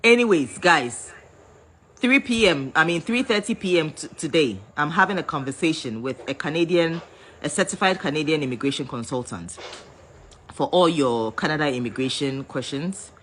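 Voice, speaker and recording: A woman's voice: low-pitched, animated, moderate pace, fairly bright tone, slight background noise. A Ghanaian woman in a heated rant, scolding and repeating herself as she switches between English and Twi. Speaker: vlogger.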